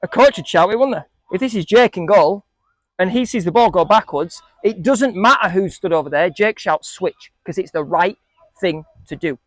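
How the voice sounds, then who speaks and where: With a voice that sits high and no echo in the recording, a man gives coaching talk to a group of kids playing football. He quizzes them with questions and trades jokes with them.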